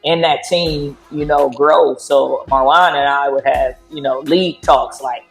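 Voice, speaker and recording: A woman's voice: sits low, fairly even intonation, measured pace, creaky, soft background music. A woman basketball coach, talking easily in a casual interview. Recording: echoey room.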